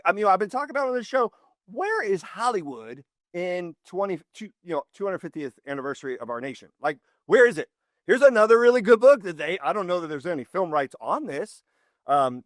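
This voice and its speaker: A man hosting a casual history talk show, rambling, with frequent restarts and lively swings in emphasis. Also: no room sound, studio quality. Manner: rambling, restarts often, animated swings in pitch. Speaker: podcast host.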